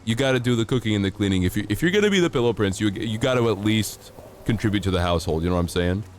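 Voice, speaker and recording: A man's voice: lowish voice, animated, rapid-fire. A man streaming a game, chatting casually and playfully with his chat, teasing and mock-outraged, laughing often. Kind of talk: casual live-stream chat while gaming.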